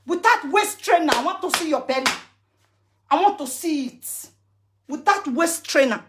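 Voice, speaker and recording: A woman's voice: high-pitched, lively intonation, normal speed, fairly bright tone, slight background noise. A woman with a Nigerian Pidgin accent on a live video rant, combative and cursing, breaking into chanted curses. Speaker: social media personality.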